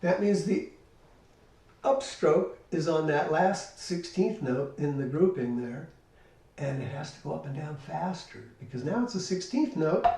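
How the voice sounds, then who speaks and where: An older man giving a spoken drum lesson, explaining step by step and counting rhythms aloud. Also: fairly high pitch. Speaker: drum teacher. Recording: echoey room, distant mic, loud hiss.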